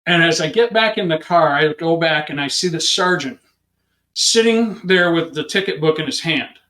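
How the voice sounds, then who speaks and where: A man's voice: fairly high pitch, normal speed, echoey room. A man, a police officer, telling an anecdote in an interview and acting out the people in it. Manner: lively anecdote-teller who acts out the people in it. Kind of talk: casual storytelling in an interview.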